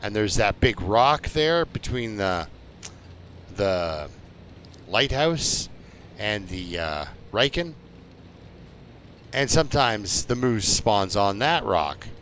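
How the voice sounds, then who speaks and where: A man with a lowish voice drawls through his survival game stream, telling stories slowly with plenty of ums and uhs. A faint hum of game ambience sits behind him. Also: big pitch swings, a bit bright. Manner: slow, rambling storytelling with many fillers. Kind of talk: relaxed gameplay commentary.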